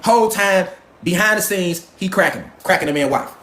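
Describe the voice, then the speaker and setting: Man, high voice, profane rant, confrontational, rhetorical questions. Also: animated, brisk, a bit bright. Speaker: commentator. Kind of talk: ranting monologue.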